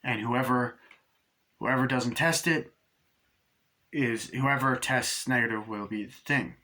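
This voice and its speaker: A man giving a casual, rambling movie review, excitable and full of profanity. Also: mid-range voice, slow.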